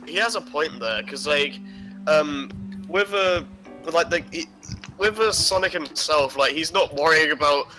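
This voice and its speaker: A man hosting a podcast, talking casually and haltingly, with many restarts. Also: a little high, pushed and bright, soft background music, poor audio. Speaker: podcast host. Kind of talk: casual chat.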